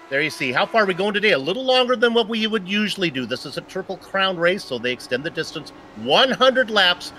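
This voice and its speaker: A man's voice: high-pitched, very animated, brisk, hardly any pauses, bright, forceful tone, a little hiss or hum. A man co-commentating a sim race, upbeat and joking as he goes through race stats.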